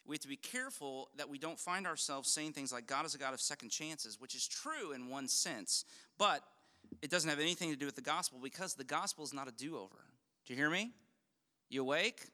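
A middle-aged male pastor delivers a sermon in a bright, forceful voice that rings with a smooth, resonant tone. He talks to the congregation in a loose, animated way, restarting phrases as he goes. The sound carries a long reverb from a church hall. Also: on the high side, quick pace. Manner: conversational and animated, with frequent restarts.

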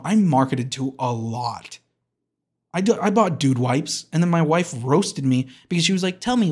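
A man's voice: a little high, a little mellow, slightly rough. Rambling man ranting for laughs. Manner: rambling and hyperbolic, with frequent self-interruptions and restarts. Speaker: podcast host. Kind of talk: comedic rant.

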